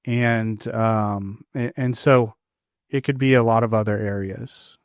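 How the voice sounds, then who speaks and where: A man's voice: lowish voice, steady tone, slow pace, no room sound, studio quality. A man who is a guest coach for couples, speaking in an earnest, casual way and giving examples. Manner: earnest, uses examples, some fillers. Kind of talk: casual interview talk.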